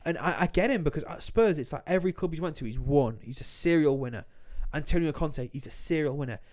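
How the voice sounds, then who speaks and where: A young man, co-hosting a casual football podcast, animated and quick, acting out quotes as he goes. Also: a little high. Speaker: podcast co-host.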